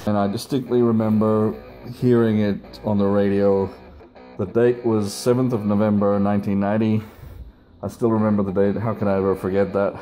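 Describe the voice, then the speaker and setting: A man with a low, flat voice emphatically recalls a memory for an interview. Guitar music is clearly heard behind him. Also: normal speed, low-quality recording. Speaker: fan interviewee.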